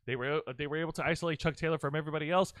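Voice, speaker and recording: A man's voice: a little high, fairly even intonation, rapid-fire, a bit bright, clear, resonant tone, dry recording, studio quality. A man co-hosting a wrestling review podcast, chatting casually in a rambling, playful way with frequent restarts. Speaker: wrestling show co-host.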